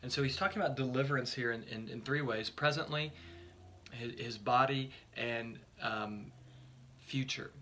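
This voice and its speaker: A man's voice: mid-range voice, normal speed, sharp tone, a little hiss or hum. A male pastor giving a short devotional on a Bible passage, earnest and emphatic, often repeating words as he starts a phrase.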